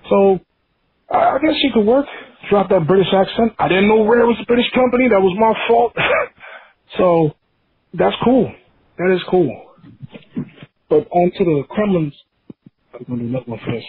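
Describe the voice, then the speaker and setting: A man's voice: sits high, husky. A man calling in to a podcast, talking in a rambling, enthusiastic way with many restarts. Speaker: caller. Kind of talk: casual voicemail call-in. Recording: tinny phone line.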